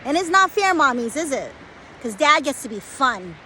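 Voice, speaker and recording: A woman's voice: high voice, very animated, moderate pace, sharp tone, slight background noise, rough recording. A woman in her forties, an acupuncturist, giving blunt, emphatic advice through a conversational story.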